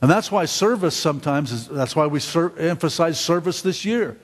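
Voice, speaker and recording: A middle-aged man preaching a sermon as pastor, halting and repeating words, often asking the congregation questions. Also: fairly high pitch, animated, long reverb tail. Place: church sanctuary.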